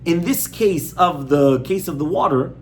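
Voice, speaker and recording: A man's voice: on the high side, measured pace, a little hiss or hum. Man teaching a class, conversational and firm. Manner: conversational, repeats points, asks audience rhetorical questions. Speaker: rabbi giving a class. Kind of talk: informal Torah class on parenting.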